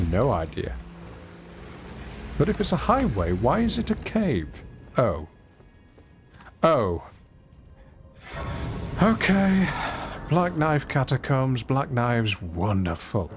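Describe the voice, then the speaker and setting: Animated, rambling gaming streamer man. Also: mid-range voice. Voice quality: lively, rambling storyteller with self-mocking humour. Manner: animated, chatty, reacting aloud to the game. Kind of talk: casual gameplay commentary and storytelling.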